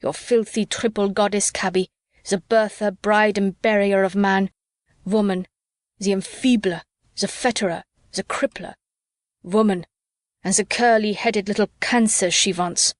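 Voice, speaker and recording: A woman's voice: mid-range voice, steady tone, unhurried, no echo, lightly acted. Lady reading a bitter drunk soldier guy ranting, sneering, dry close sound. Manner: sneering, scornful tirade. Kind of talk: audiobook character reading.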